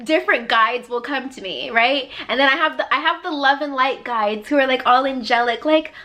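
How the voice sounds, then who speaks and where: A woman giving a motivational spiritual talk as a life coach, emphatic and repetitive with a chatty "like". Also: normal speed. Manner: emphatic and preachy, acting out God's voice with loud high swoops; repetitive, conversational, with frequent "like". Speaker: life coach and podcast host.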